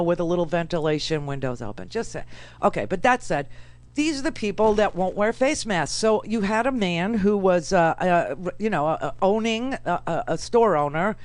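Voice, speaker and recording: A woman's voice: fairly low pitch, no room sound. Brash sarcastic New woman radio host. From New York. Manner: brash, sarcastic, animated with frequent fillers. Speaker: radio talk show host. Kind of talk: political commentary monologue.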